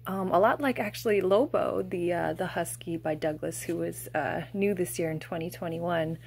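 Softly gushing, a young woman unboxes plush toys with breathy exclamations and a casual, fond manner. Her voice is lowish and her pace moderate.

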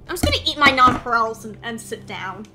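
Woman streamer, silly and animated, high pitch, casual gaming chat. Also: fairly quick, heavy background noise. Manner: playful, silly, talks to chat.

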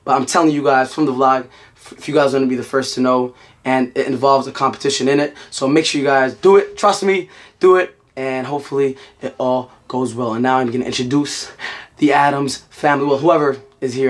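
A man in his twenties talking casually to his vlog viewers from home, energetic and playful with lots of fillers. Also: mid-range voice, a little fast. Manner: energetic, playful, talks in bursts with many fillers. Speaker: vlogger. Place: family home indoors.

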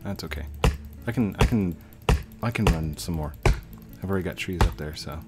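A man's voice: deep voice, moderate pace, over loud music. A man casually commenting while he plays a building game, chatting to himself and his viewers. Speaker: let's play host.

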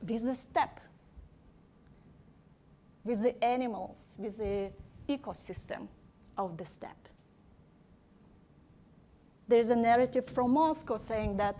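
A woman giving an academic lecture, speaking deliberately and emphatically, often posing rhetorical questions. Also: a little high, warm tone.

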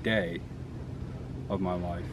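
A man's voice: sits low, steady tone, slow, noisy background. A young man talking outdoors in an earnest, heartfelt way. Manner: earnest and heartfelt, then playful. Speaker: boyfriend. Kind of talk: casual chat. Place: outdoors in a garden.

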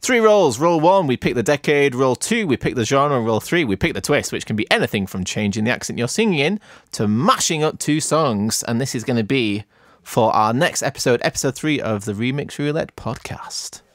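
A man's voice: mid-range voice, lively intonation, a little fast, no echo, clean studio sound. A man hosting a podcast, chatting in a playful, jokey way. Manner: playful, jokey, self-mocking. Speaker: podcast host. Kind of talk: casual chat.

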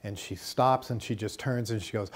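Low-voiced man telling a teaching story. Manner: conversational, checks in with listeners, vivid and unhurried. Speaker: course teacher. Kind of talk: storytelling lecture. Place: college teaching room.

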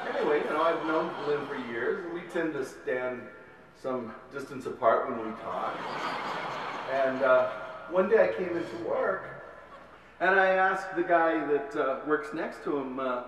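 A man's voice: on the high side, animated, a little slow, noisy background. A man telling a true story between songs at a live concert, in a laid-back way with chuckles, recorded from far off in a hall. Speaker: singer-storyteller on stage.

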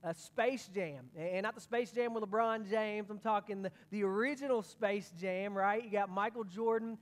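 A man preaching a sermon as pastor, telling a story with energy and many quick restarts. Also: sits high.

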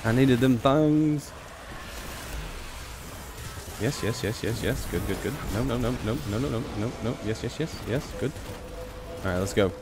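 A man giving casual live commentary on his own gameplay, talking to himself and his viewers and jumping into high excited yelps. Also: brisk, background noise. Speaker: game streamer.

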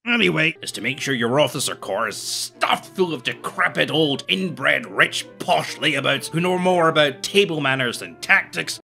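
Young man, sarcastic comedic history narration, crude jokes, very animated, bright. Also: mid-range voice, moderate pace, creaky, few pauses, faint music behind. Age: young adult. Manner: sarcastic, crude, mock-outraged. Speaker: history video essayist.

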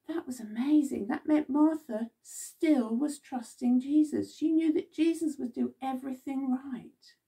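A woman's voice: high voice, a little slow, vocal fry, few pauses, dark tone, slightly rough, distant mic. A woman leading a children's Bible club, telling the story expressively and asking the children questions.

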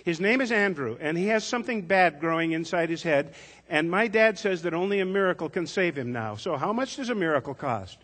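A man doing a small, pleading little girl, high and husky. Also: lively intonation, fairly quick, a bit bright. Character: desperate little girl buying a miracle. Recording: echoey church sanctuary.

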